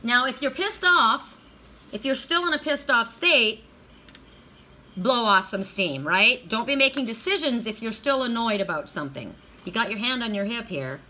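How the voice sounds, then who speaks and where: A woman's voice: on the high side, expressive, normal speed, pushed and bright. A woman doing a casual weekly oracle card reading, talking bluntly, swearing freely and checking in with "right?".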